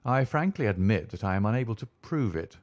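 A man voicing a calm, shrewd male detective who talks in a suave, measured, deliberate way. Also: on the low side, no echo. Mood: probing. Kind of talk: audiobook character reading.

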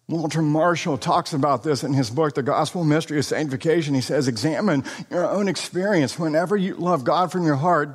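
A man's voice: a little high, breathy edge. A man delivering a sermon in an earnest, emphatic way, recorded in a hall. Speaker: preacher. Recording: long hall reverb.

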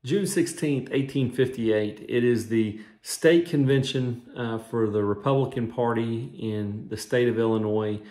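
A man's voice: mid-range voice, a little slow, hardly any pauses, dark tone. Earnest male minister in a roomy room. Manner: conversational, earnest storytelling with scripture quotes. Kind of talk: short devotional sermon. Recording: roomy echo.

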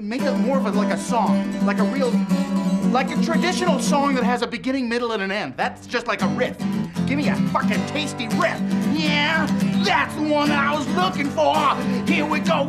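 An actor playing a brash, bossy young rock musician who swears constantly, barks orders and bursts into shouting and singing, with loud guitar behind him. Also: male voice, extremely high pitch. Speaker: band leader. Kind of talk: improvised film comedy.

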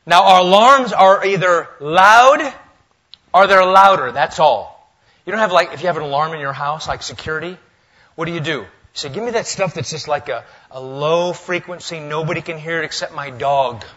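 A male pastor preaching a sermon in a church, lively and swinging between loud, emphatic lines and hushed asides. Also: on the high side, a little fast. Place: church sanctuary.

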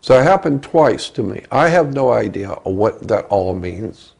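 Gravelly man telling a story slowly. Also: lowish voice, animated, darkish tone. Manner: halting, repeats words, slow. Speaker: interview guest. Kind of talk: recounting a personal story.

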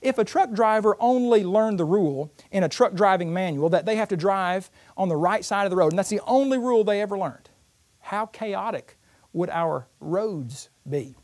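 A man's voice: sits high, expressive, moderate pace, a little mellow. A man teaching a Bible lesson in an earnest, explanatory way, using everyday analogies. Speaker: preacher.

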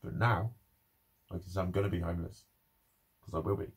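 Gravelly, swearing man ranting. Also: low voice, steady tone, fairly quick. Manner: swears constantly, frustrated and bitter. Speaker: vlogger. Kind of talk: angry personal vlog rant.

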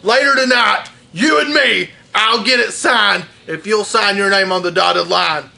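A male pro wrestler cuts a challenging promo, slow and deliberate. His voice sits high, with a gravelly fry. The tone is sharp and very bright.

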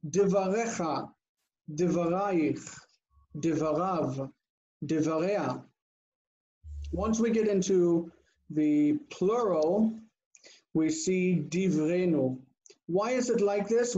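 A man's voice: high-pitched, warm tone, lo-fi sound. A man teaching a Hebrew grammar class online, patiently drilling word forms and quizzing his students. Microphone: video call.

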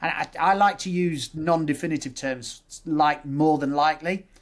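A fairly high, fairly even voice at a moderate pace belongs to a male dentist from West Yorkshire, England. As a guest in a casual interview, he explains his practical methods step by step and refers to scripts for patients.

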